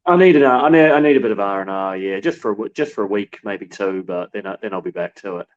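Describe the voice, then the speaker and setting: A man's voice: lowish voice, fast, slight background noise. Man on a dull lo-fi line. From New Zealand. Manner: relaxed storytelling with many restarts. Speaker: war correspondent. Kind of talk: casual remote interview.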